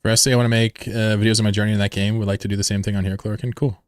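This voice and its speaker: Low-voiced guy streaming a game, rambling and cussing, talking to chat. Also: little pitch movement, rapid-fire, clear, resonant tone, no room sound. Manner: rambling, joking, swears freely. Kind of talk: casual live-stream chat.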